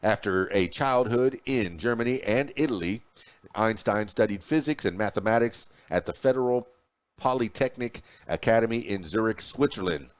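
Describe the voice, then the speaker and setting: A man hosting a podcast, reading news headlines and history facts aloud with small slips and restarts. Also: on the low side. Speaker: podcast host.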